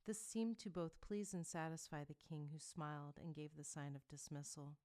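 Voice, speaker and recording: A woman narrating a historical romance audiobook in a quiet, low-volume reading. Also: fairly even intonation, moderate pace.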